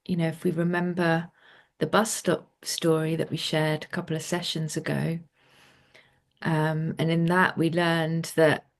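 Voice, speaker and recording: A woman co-leading a spiritual self-help class, speaking in a calm, reflective, thoughtful way. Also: low-pitched, a little slow. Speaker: co-facilitator.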